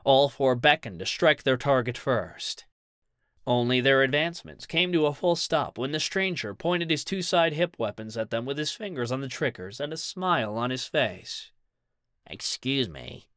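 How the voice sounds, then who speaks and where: Measured male audiobook narrator, dry sound. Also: mid-range voice, smooth, dry recording. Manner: measured, even storytelling. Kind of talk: scripted story narration.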